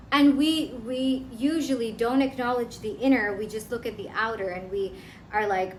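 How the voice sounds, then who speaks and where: A woman's voice: fairly high pitch, steady tone, moderate pace, slight background noise. Earnest woman coach in an echoey room. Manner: earnest, conversational, repeats herself. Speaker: self-help coach. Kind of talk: instructional talk to camera. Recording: echoey room with faint ambience.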